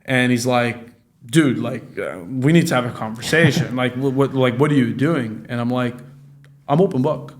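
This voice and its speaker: A man in his late twenties with a medium-pitched voice talks at normal speed as a guest on a casual podcast. He runs a real estate business and tells animated, profane stories, performing the lines of the people in them.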